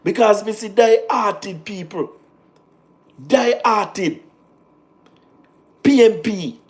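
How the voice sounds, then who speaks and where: Speaking extremely slowly in a high-sitting voice, a man with a Jamaican accent covers politics on a casual livestream. His talk is animated and repetitive, sprinkled with patois.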